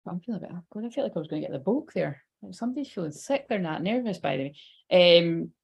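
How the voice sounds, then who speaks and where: Woman, Scottish accent, gravelly fry, casual live tarot reading, chatty, swears freely. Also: lowish voice, lively intonation, fast. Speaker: psychic tarot reader.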